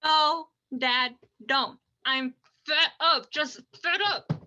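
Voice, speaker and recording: A woman's voice: high-pitched, sharp tone, exaggerated voice. A woman playing a blunt, impatient teenage daughter in an amateur radio play, on dull lo-fi audio. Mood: exasperated. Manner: blunt, impatient, fast when listing. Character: exasperated teenage daughter, about to turn seventeen.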